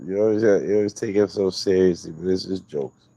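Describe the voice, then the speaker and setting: A man's voice: low-pitched, fairly quick, vocal fry, warm tone. A man hosting a casual livestream, teasing and joking with his viewers. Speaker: livestream host.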